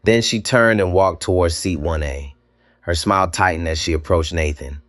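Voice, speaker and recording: A man narrating a dramatic scripted story, measured and slow, with deliberate pauses. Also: deep voice, fairly bright tone, no echo, clean studio sound.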